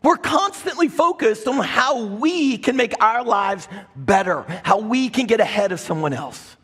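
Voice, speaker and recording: A male pastor preaching a sermon in a church, wearing a clip-on mic, telling the story in an animated way that swings from loud to hushed. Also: high voice, measured pace, slightly rough, big-room sound. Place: church sanctuary. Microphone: clip-on microphone.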